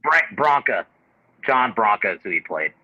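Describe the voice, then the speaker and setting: A man's voice: lowish voice, sing-song, muffled recording. A man co-hosting a movie review chat, mostly adding short confirmations and extra details. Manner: short agreeing replies and quick add-ons. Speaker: podcast co-host reviewing a film. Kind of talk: casual chat.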